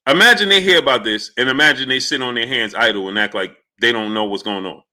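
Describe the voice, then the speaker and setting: A fast-talking man with a medium-pitched voice hosts a live stream, shouting out chat names and ranting hotly in an animated way.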